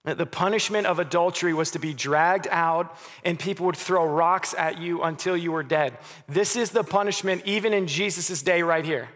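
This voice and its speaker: Earnest pastor preaching in a reverberant hall. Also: male voice, fairly high pitch, normal speed, hardly any pauses. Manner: earnest, stammers on restarts, drops softly on key words. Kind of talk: sermon.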